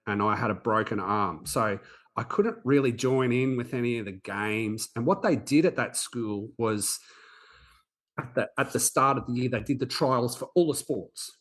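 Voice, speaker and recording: Man in his forties, podcast host, earnest personal storyteller, halting delivery, average pitch. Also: fairly bright tone. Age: 40s. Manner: earnest, halting, with frequent restarts.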